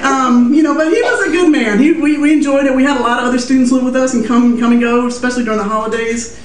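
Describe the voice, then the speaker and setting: A woman's voice: sits high, fast, far from the mic, slight background noise. A chatty woman telling a personal story on stage at a small music venue, loose and self-amused with lots of fillers. Her voice reaches the mic from well back, washed in the room's echo, with a faint murmur of the place behind her. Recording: roomy live room heard from afar.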